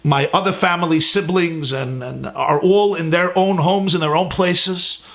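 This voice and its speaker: A man's voice: high-pitched, measured pace, creaky, a bit bright. A man, a rabbi, giving an earnest, emphatic sermon-style class from his home, building his points in rising lists.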